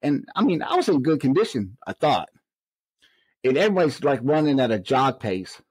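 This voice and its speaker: A man in an interview telling stories from his work as a correctional officer, casual and animated, acting out what people said. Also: mid-range voice, fairly quick, slightly rough, no room sound, low-quality recording. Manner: animated, acts out quoted dialogue in raised voices. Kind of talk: conversational storytelling.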